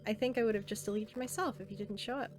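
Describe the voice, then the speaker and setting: A woman reading aloud as a self-aware teenage game girl, earnest and intimate, softly pleading. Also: medium pitch, fast talker, slight background noise, natural voice. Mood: tender.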